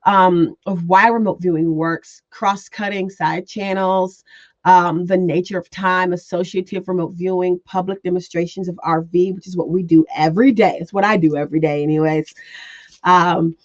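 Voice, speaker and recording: A woman's voice: lowish voice, steady tone, normal speed, no echo, highs cut off. A woman teaching remote viewing in a spoken presentation, earnest, repeating phrases with many fillers.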